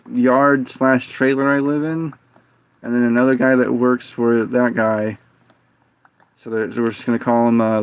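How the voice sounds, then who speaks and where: Male streamer, mid-pitched, telling loose rambling stories; close dry mic with a dull lo-fi tone. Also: smooth, no echo. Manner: rambling anecdotes with many fillers and restarts. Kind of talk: casual storytelling chat.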